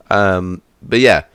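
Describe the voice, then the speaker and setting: A man's voice: fairly low pitch, a bit bright, smooth, no echo. A young man co-hosting a casual TV review chat, joking and teasing his friend. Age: young adult. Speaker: co-host reviewing a TV series.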